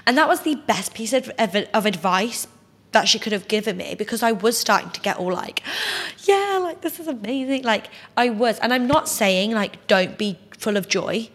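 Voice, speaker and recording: A woman's voice: mid-range voice, normal speed. A woman, casually telling a personal story as a podcast host, chatty and full of "like". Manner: chatty, heavy use of "like", animated quoting. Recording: long hall reverb.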